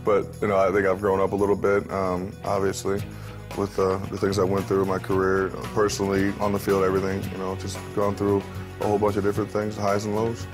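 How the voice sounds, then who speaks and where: A man's voice: low-pitched, monotone, quick pace, music in the background. A man in his thirties, a professional football player, talking candidly and easily as an interview guest, with many fillers and restarts. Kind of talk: relaxed interview talk.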